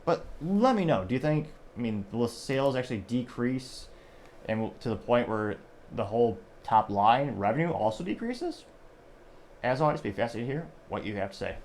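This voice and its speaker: A man's voice: medium pitch, very animated, moderate pace, darkish tone. Rambling male host with faint noise. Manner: rambling, self-correcting, reads quotes aloud. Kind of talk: casual news commentary.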